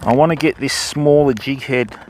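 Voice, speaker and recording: A man's voice: medium pitch, normal speed, a little hiss or hum. An Australian man from Western Australia chatting casually with viewers while fishing on a live stream. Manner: matey, chatty, talks to viewers by name. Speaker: fishing livestreamer. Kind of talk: casual livestream chat. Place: riverbank outdoors.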